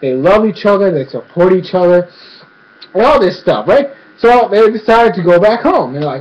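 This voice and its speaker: A man's voice: high voice, big pitch swings, normal speed, highs cut off. A man casually recapping a cartoon episode, rambling with lots of fillers and acting out the characters' lines. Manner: rambling, filler-heavy, acts out quotes.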